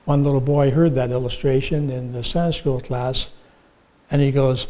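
A man preaching a sermon as a pastor, telling humorous stories and then growing hushed and earnest about forgiveness. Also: mid-range voice, fairly even intonation, moderate pace. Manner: storytelling with humor, hushed and earnest when turning to God's forgiveness.

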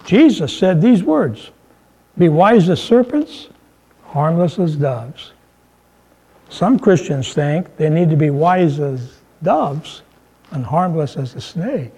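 A man delivers a sermon with a fairly high voice for a man. He talks to the congregation in a relaxed, conversational way, telling jokes and raising his pitch whenever he drives a point home. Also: takes it slowly, husky, rough recording. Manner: conversational preaching with humor, voice rising for emphasis. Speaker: pastor.

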